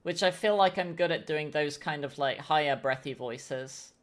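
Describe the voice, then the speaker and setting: A woman's voice: deep voice, normal speed. A woman streaming a game, chatting casually and thinking aloud as she plays.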